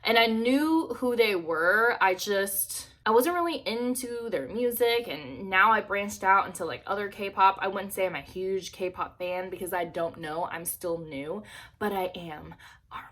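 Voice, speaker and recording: A woman's voice: medium pitch, sharp tone. A young woman vlogging from her bedroom, rambling candidly to the camera with lots of "like" and casual swearing. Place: bedroom at home.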